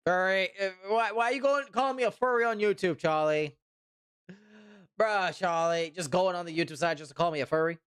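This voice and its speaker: A man's voice: sits high, brisk, fairly bright tone, clean tone, no echo, clean studio sound. A man streaming live, chatting casually and reading viewer comments, rambling and repeating himself with mock indignation. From Canada.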